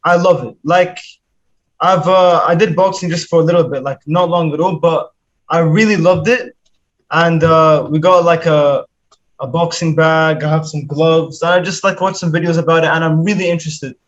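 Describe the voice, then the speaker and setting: A young man hosts a casual podcast chat. He talks eagerly but hesitantly, with plenty of fillers, in a fairly high voice. The sound is dull and lo-fi. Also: steady tone, moderate pace. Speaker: podcast host.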